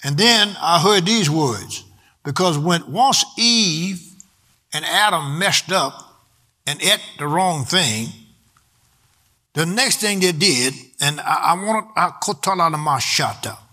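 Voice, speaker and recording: A man delivers a sermon in a high, ringing voice. His cadence is rhythmic, sliding at times into half-song, and he slows down to stretch out important words. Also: animated, sharp tone. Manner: rhythmic preaching, sometimes half-sung, stretched words for emphasis. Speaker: preacher.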